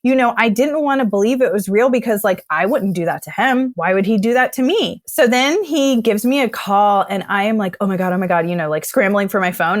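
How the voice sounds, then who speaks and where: A young woman telling her own story in casual chat, animated, often acting out what she said back then. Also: mid-range voice, brisk, hardly any pauses, dry recording, studio quality. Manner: animated, acts out her own past words.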